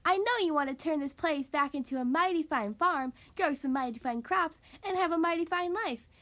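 A woman voicing a sly, fast-talking male fox who sells like a pushy salesman, in a children's storybook reading. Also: sits high, a bit bright, pitched above the performer's own voice. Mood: coaxing.

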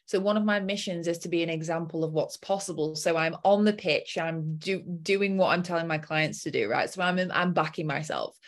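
A woman's voice: lowish voice, a little fast, few pauses. A young adult woman coach telling a personal story in a casual chat and acting out her own inner voice.

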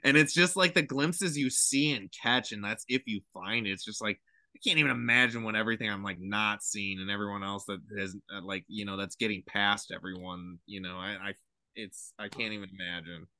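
A man talking as a podcast guest, earnest and halting, often restarting his sentences. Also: on the low side, sharp tone, dry recording. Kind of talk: casual chat.

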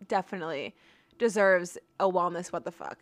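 A woman's voice: on the low side, normal speed. A young woman co-hosting a podcast in casual chat, blunt and opinionated with a joking edge. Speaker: podcast co-host.

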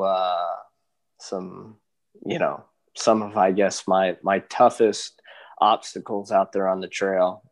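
A man from Alaska, a dog musher, chatting as a guest in an easygoing, rambling way with lots of fillers. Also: on the low side. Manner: relaxed, rambling with many fillers. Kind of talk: casual interview chat.

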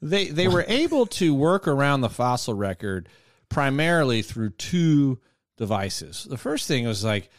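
A man's voice: medium pitch, sing-song, a little slow, no room sound, clean studio sound. A man co-hosting a casual comedic chat, explaining things in a rambling way with many hesitations.

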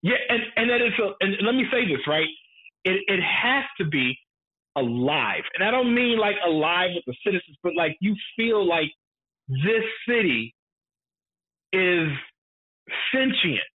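Man, higher voice, emphatic casual film-talk co-host; tinny phone-quality audio. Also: very animated, measured pace. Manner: emphatic, repeats points for effect, swears freely.

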